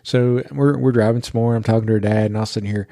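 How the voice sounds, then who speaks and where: A man's voice: lowish voice, fairly even intonation, rapid-fire, gravelly, dark tone, dry recording, clean studio sound. A man hosting a podcast, telling a story in a chatty way and laughing as he goes. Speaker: podcast host. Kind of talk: casual storytelling.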